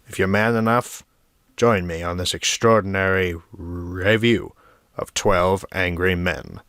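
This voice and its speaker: Brief: man playing a dramatic vintage film narrator, deep and slow, dry sound. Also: fairly bright tone, clear, resonant tone, no room sound. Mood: ominous. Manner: slow, ominous, theatrical delivery. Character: dramatic old-time male movie narrator.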